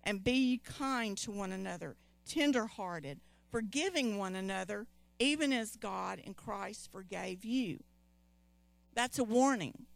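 A woman's voice: mid-range voice, a little slow, gravelly, dry recording. A woman preaching a sermon, emphatic and repeating key phrases, calling on the congregation to respond.

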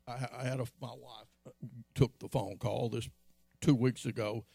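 A man's voice: steady tone, a little slow, creaky, warm tone, breathy edge, dry recording, soft background music. A man preaching a sermon as pastor, telling stories from his life and acting out quotes. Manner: storytelling, acts out quotes in a high voice.

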